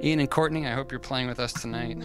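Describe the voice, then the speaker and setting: A man from the US West Coast hosting a restaurant livestream, reading fan mail in a halting, rambling, self-deprecating way with many fillers. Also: medium pitch, steady tone, over loud music. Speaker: livestream host.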